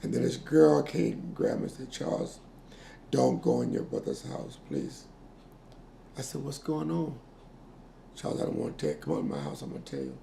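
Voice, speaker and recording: A man in his sixties being interviewed, telling a painful family story with quoted dialogue and halting repeats. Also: medium pitch, wildly swooping pitch, creaky, mellow. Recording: echoey room with faint noise.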